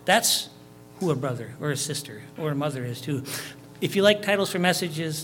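A man's voice: on the high side, animated, normal speed, fairly bright tone, a little hiss or hum. A man preaching a sermon, reading scripture verses aloud and explaining them in plain, conversational terms, with repeats and fillers. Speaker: pastor.

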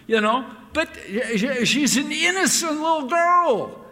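A man's voice: very high voice, lively intonation, moderate pace, sharp tone. A man preaching a sermon, stressing words and repeating phrases. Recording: long reverb of a hall.

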